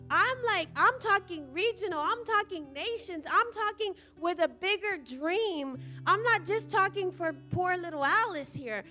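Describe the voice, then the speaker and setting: A woman's voice: very high voice, lively intonation, measured pace, hardly any pauses, bright, forceful tone, soft background music. A woman preaching a sermon as a senior church leader, earnestly explaining scripture.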